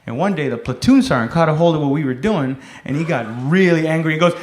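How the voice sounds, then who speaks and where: A man in his thirties doing stand-up, telling stories in a laid-back way, swearing often and shouting the lines of other people. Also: a little high, expressive, quick pace, hardly any pauses. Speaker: stand-up comedian. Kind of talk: stand-up comedy set. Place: comedy club stage. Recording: echoey comedy club with loud laughter.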